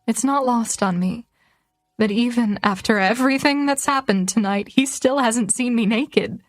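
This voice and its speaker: Brief: young woman, emotional first-person romance narrator, higher voice, dry close sound. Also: normal speed, no room sound. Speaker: audiobook narrator.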